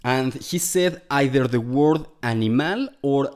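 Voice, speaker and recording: A man's voice: mid-range voice, unhurried, darkish tone, smooth. A man whose first language is Spanish, giving a scripted, sarcastic commentary as host of a video essay. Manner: sarcastic, exasperated critique.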